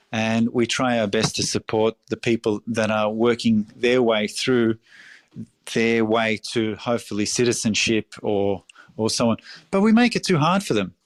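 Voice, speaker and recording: A man's voice: medium pitch, no echo, studio quality. A middle-aged Australian man, a restaurateur speaking in a podcast interview, passionate and emphatic, repeating phrases and swearing freely. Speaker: restaurateur guest.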